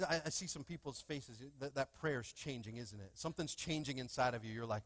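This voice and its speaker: In a church sanctuary, a male pastor delivers a sermon, tossing call-and-response questions to the congregation and breaking into fervent bursts. His medium-pitched voice is fairly bright and moves fairly quickly with few pauses, and there's no room sound.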